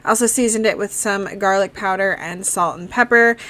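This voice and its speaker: A woman's voice: medium pitch, fairly quick, fairly bright tone. A woman giving a casual, chatty voice-over as she walks through her family's dinners step by step, with the odd "like" and "um". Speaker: cooking vlogger.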